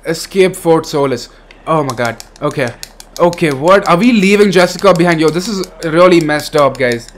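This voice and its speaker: Brief: young male gaming streamer, slightly high voice, excitable, swears a lot. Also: normal speed, slight background noise. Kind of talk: horror game commentary.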